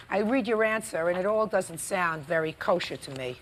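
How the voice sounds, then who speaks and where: A woman's voice: mid-range voice, moderate pace, a bit bright, slight background noise. A woman presiding as a TV courtroom judge, stern and scolding, cutting the litigants off. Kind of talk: courtroom arbitration. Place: courtroom studio.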